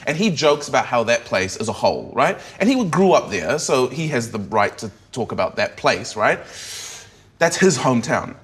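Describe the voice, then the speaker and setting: Male comedian guest, mid-pitched, candid, thinks aloud with restarts. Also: fairly bright tone. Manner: thoughtful, with frequent restarts and tag questions. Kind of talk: candid interview talk.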